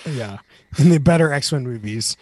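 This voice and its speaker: Lively, animated male podcast host. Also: medium pitch, normal speed, dry recording. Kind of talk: casual chat.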